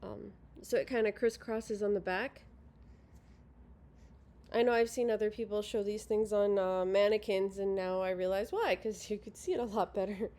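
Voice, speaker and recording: A woman's voice: medium pitch, normal speed, warm tone. A woman casually showing her handmade crafts at home, rambling with many ums and self-corrections, and a little sleepy. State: yawning, sleepy. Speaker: crafting vlogger. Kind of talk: casual show-and-tell. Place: at home by a sofa.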